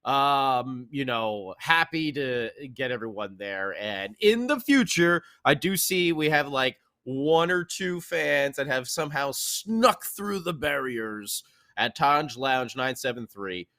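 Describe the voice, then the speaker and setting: A man's voice: medium pitch, expressive, slow, bright, forceful tone, no echo, studio quality. A male co-host recapping a hockey game in casual podcast chat, rambling and restarting his sentences.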